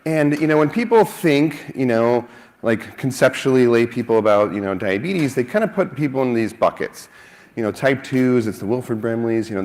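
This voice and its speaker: A man's voice: fairly low pitch, a little mellow. A man speaking at a conference, joking and self-mocking, a little out of breath. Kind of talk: lively conference talk with jokes. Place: conference hall.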